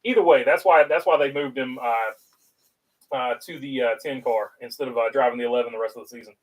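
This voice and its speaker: A man's voice: medium pitch, fairly quick, distant mic, low-quality recording. A man with a North Carolina Southern accent hosting a casual livestream, reading viewer chat aloud and rambling with lots of filler uhs.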